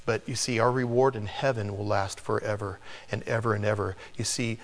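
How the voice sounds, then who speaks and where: Animated male preacher in a reverberant hall. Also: lowish voice, brisk. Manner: animated, chuckling storyteller. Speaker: pastor. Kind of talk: sermon with personal storytelling.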